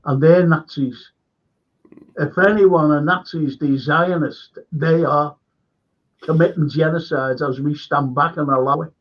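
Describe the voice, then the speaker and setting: A male guest in a casual livestream chat, ranting fast and repeating himself. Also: a little high, steady tone, dull audio.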